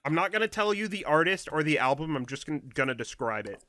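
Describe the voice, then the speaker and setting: A man's voice: fairly high pitch, expressive, fast, pushed and bright. A man co-hosting a casual music podcast, playful, laughing mid-sentence and repeating words. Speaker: podcast co-host. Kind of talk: casual chat.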